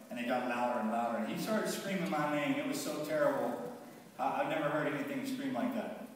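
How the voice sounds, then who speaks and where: Halting man in an echoey hall. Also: medium pitch. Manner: halting and heavy, stopping and repeating words. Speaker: speaker recounting his war experience to an audience. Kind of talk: live storytelling talk. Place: large hall with an audience. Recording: echoey hall, mic far off, faint background hiss.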